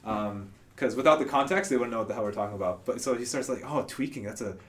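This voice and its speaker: A young man co-hosting a podcast, relaxed and laughing often as he tells a story with casual swearing. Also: medium pitch, fast talker. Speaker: podcast co-host.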